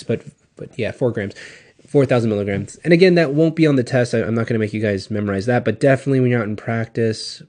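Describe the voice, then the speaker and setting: A man's voice: mid-range voice, darkish tone. A man giving a pharmacology lecture to students in a casual, rambling way, with many fillers and self-corrections. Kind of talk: recorded classroom lecture.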